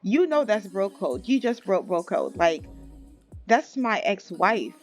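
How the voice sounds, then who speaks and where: A woman's voice: mid-range voice, sing-song, unhurried, faint music behind. A woman voicing an upset young man who complains that his best friend betrayed him. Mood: indignant. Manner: indignant, complaining.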